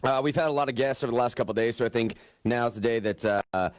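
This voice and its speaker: A man's voice: mid-range voice, no room sound. Guy hosting morning radio, jokey and rambling, close dry studio mic. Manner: joking, rambling, quick bursts with fillers. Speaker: radio show host. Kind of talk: casual morning radio talk. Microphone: studio microphone.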